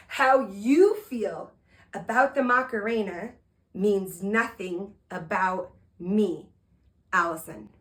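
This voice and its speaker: Upbeat woman host with a fairly high voice. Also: low-quality recording. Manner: upbeat, playful and heartfelt, with excited asides. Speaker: host and motivational speaker. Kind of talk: energetic motivational talk.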